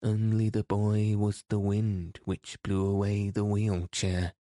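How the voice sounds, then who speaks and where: A man's voice: on the low side, completely flat delivery, slow, dark tone, no echo, clean studio sound. A man reading the lines of a stern old mountain uncle in an audiobook, curt and matter-of-fact.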